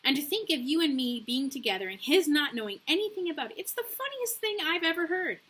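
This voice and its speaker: A woman's voice: high-pitched, very animated, fairly quick, fairly bright tone, voice pushed up. A woman voicing a vain, pampered young noblewoman who gushes and chatters in a lazy drawl. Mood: gushing.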